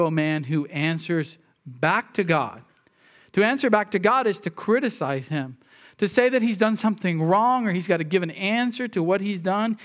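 A man preaching a sermon with emphatic delivery and rhetorical questions. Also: on the high side. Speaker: pastor.

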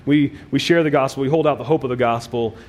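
A male pastor preaching a sermon, emphatic, with swings between loud and quiet phrases and frequent restarts. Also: mid-range voice, fast talker. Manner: repeats words as he restarts phrases.

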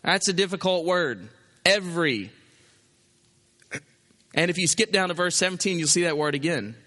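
A man preaching a sermon in a high, bright, forceful voice. His delivery is animated, and he sometimes acts out an imagined objector. A long hall reverb trails his words. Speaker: pastor.

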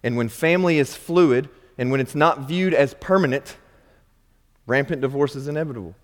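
A man's voice: mid-range voice, normal speed. A man preaching a sermon as pastor, conversational, with wry asides and acted-out questions. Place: church sanctuary. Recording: long hall reverb.

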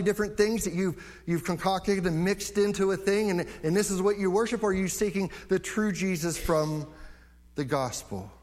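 Earnest higher-voiced male pastor preaching. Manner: earnest, repeats words when starting phrases. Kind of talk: sermon.

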